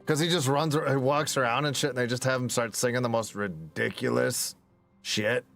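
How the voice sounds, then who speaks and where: A man's voice: medium pitch, fairly quick. A man chatting casually while playing a game, rambling and swearing freely. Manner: rambling, profane, laughs at his own stories. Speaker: gaming streamer. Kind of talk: casual gameplay commentary.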